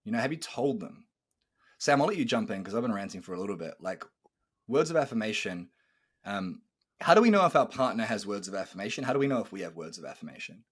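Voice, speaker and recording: Husky animated male podcast host. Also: on the low side, quick pace. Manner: animated storyteller, acts out quoted dialogue, swears. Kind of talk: casual podcast chat.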